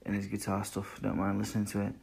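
Gravelly, sweary man in his twenties. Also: fairly low pitch, completely flat delivery, fast talker, a little mellow. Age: 20s. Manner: blunt and sweary, loose rambling delivery. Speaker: boxer answering fan questions. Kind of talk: casual chat.

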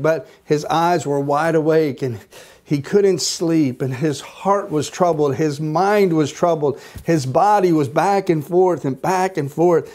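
A man leads a Bible study in a slow, deliberate teaching voice. His tone is mellow and fairly high-pitched. He retells the story with emphatic repetition.

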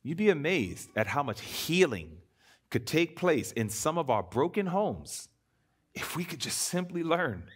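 A man delivering a sermon from a church pulpit, his voice sitting a little high for a man. He preaches with lively swings of pitch, pressing some points loudly and dropping to a hush for others. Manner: emphatic preaching, swinging between loud and hushed.

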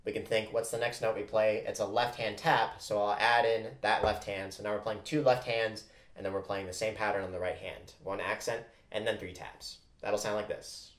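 A man's voice: fairly low pitch, little pitch movement, normal speed. A man teaching a percussion lesson, patiently explaining flam rudiments and counting off stickings aloud. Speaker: percussion instructor. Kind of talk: instructional drum lesson. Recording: echoey room with loud drumming.

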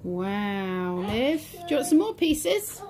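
A woman's voice: medium pitch, sing-song, slow, over music. A woman working as a childminder, playing and talking with toddlers in an encouraging, teacherly way. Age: adult. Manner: sing-song, encouraging, teacherly. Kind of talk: playful talk with toddlers.

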